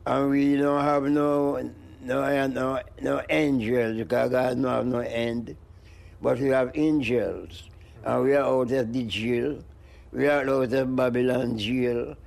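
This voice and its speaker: Gravelly slow-talking man. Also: medium pitch, steady tone, a little mellow. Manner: playful, repetitive, chanting, animal noises. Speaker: interviewee, musician. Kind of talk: free-associating rambling chat.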